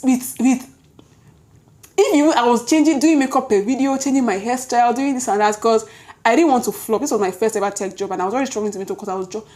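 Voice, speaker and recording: Chatty young Nigerian woman vlogging. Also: mid-range voice. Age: young adult. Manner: lively, chatty, quick self-corrections, Nigerian slang interjections. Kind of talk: casual storytelling to camera.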